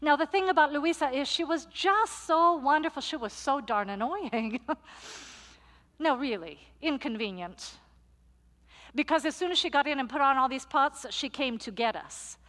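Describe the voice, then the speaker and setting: Woman pastor, storytelling sermon, a touch high, playful, long hall reverb. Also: normal speed, a bit bright.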